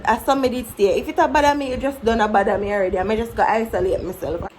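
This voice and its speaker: A woman in her twenties with a Jamaican accent, talking candidly to camera about growing up, with animated storytelling. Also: fairly high pitch, quick pace, slight background noise, low-quality recording. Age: 20s. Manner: candid, animated, breaks into mimicking her younger self. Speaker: vlogger. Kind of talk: casual reflective storytelling to camera.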